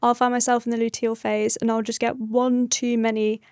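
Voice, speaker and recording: A woman's voice: a little high, level tone, moderate pace, darkish tone, smooth, no room sound, studio quality. A young woman hosting a podcast, chatting casually in a bubbly, effusive way. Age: young adult. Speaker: podcast host.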